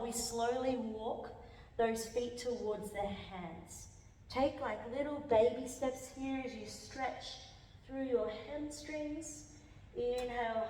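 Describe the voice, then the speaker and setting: A woman's voice: on the high side, far from the mic, a little hiss or hum. Breathless yoga teacher woman, echoey hall. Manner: calm cueing with counted holds, breathy while moving. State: a little out of breath. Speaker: yoga instructor. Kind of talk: guided yoga class cues.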